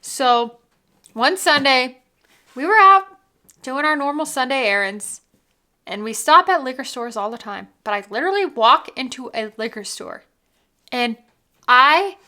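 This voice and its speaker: A woman's voice: high-pitched, lively intonation, measured pace, pauses often, sharp tone. A woman hosting a casual whiskey vlog from home, bubbly and gushing, full of "like" and "literally". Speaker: whiskey vlogger.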